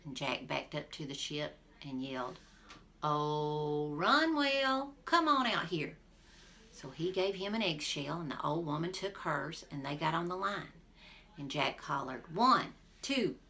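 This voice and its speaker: A woman teacher reading a folk tale aloud to her class, expressive and talking to the listeners directly. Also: fairly low pitch. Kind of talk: storybook read-aloud for a class.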